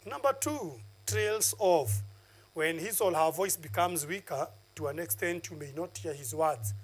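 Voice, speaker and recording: A man's voice: on the high side, measured pace, breathy edge, low-quality recording. A man teaching a lesson on a TV channel, lecturing and counting off numbered points with filler uhs. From Kenya.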